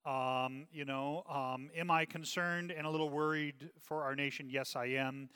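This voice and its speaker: A man leading a church Bible study, his voice pitched a little high and ringing bright. He talks earnestly and checks in with his listeners again and again. The hall carries a long reverb behind him. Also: fairly even intonation, unhurried, clean tone. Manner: earnest, repeats "okay?" often.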